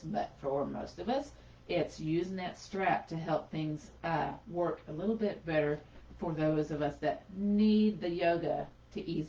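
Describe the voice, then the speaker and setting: A woman yoga instructor talks her class through the poses while doing them, friendly and a bit breathless. Her voice sits on the lower side. The sound is dull and lo-fi, picked up from across a reverberant room. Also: darkish tone. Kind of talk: guided gentle yoga class. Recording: echoey room, far from mic, dull lo-fi.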